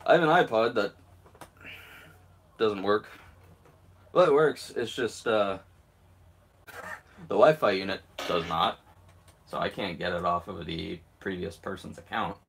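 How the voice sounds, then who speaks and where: A man's voice: deep voice, unhurried, creaky, long pauses, slight background noise. A young man hosting his own live stream, chatting casually and rambling with self-mocking asides, talking around a guitar pick held in his mouth. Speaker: channel host.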